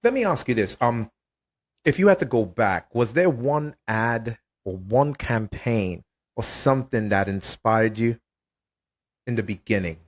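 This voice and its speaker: A man hosting a conversational interview, asking measured questions and giving brief "mm-hmm" responses while the guest talks. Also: medium pitch, lively intonation. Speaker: host.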